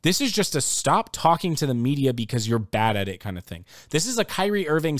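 A young man ranting in a casual sports talk, exasperated and getting louder and higher when he is worked up. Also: very animated, brisk, few pauses, no echo, studio quality. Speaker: sports commentator.

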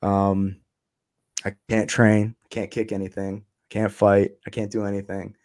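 A man's voice: on the low side, completely flat delivery, measured pace, a little mellow. A man telling his story as an interview guest in casual chat, loose and profane, trailing off with ums and short laughs.

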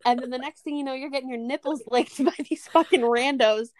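A woman co-hosting a podcast in casual chat, animated and swearing freely, often acting out scenes. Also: high voice, a little fast, no echo, studio quality. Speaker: podcast co-host.

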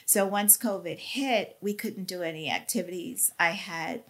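A woman being interviewed, giving an emotional personal testimony with halting, earnest speech and fighting back tears. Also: on the low side, a bit bright. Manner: earnest, halting, with many fillers. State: tearful, near crying.

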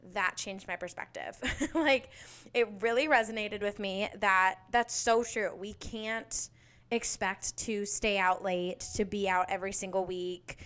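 A woman's voice: mid-range voice, a bit bright, smooth. A young woman hosting a podcast, chatting casually and bubbly, with lots of fillers. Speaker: podcast host. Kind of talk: casual solo chat.

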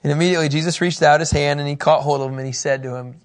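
A man teaching a casual Bible lesson in an animated way, often laughing. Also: on the high side, rapid-fire, few pauses. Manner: animated, laughing, acting out scripture quotes.

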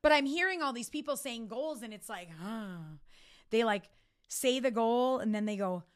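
A woman with a slightly high voice hosts a motivational podcast. She talks with energy and drives each point home by repeating it with emphasis. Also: expressive, normal speed. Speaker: podcast host.

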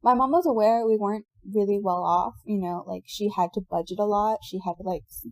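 A woman telling a personal story in casual chat, animated and laughing often, acting out what people said. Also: medium pitch, fairly quick, no room sound.

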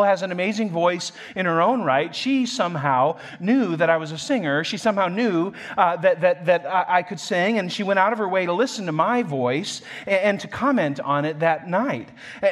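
Male pastor, higher-pitched voice; sermon delivery, self-deprecating, stammering restarts. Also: a bit bright. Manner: self-deprecating, stammers and repeats words, chuckles often. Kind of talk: sermon with personal story.

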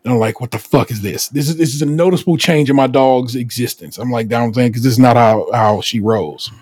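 Husky male podcast host telling stories. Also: medium pitch, fairly quick, no echo, clean studio sound. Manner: animated storytelling with profanity and acted quotes. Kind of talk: casual podcast chat.

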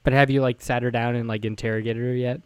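A man's voice: medium pitch, flat delivery, quick pace, smooth, no room sound. A young man co-hosting a casual podcast chat, teasing his friend and laughing often. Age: young adult. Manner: teasing, laughing, mock voices for jokes. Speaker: podcast co-host.

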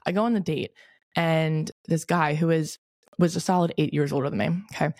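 A woman in her twenties hosting a podcast, telling a story in a casual, animated way, full of "like" fillers. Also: sits low, fairly quick, no room sound, studio quality. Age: 20s. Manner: chatty, lots of "like" fillers, animated retelling. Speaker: podcast host.

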